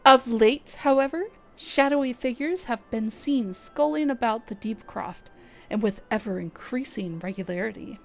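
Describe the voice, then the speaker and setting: A woman reading the lines of a stern male leader of a forest archer guard from a game, in a formal, measured way. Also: on the high side, soft background music, natural voice. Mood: grave. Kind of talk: reading game dialogue aloud.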